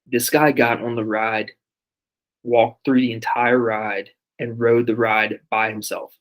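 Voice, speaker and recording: Podcast cohost guy, pretty monotone but clearly into it, medium voice. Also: mid-range voice, measured pace. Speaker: podcast co-host. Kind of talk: casual podcast chat.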